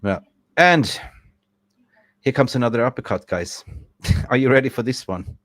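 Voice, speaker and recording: A man's voice: mid-range voice, lively intonation, measured pace, a bit bright, dry recording, clean studio sound. A man hosting a live stream, talking in a casual, effusive and rambling way. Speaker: livestream host.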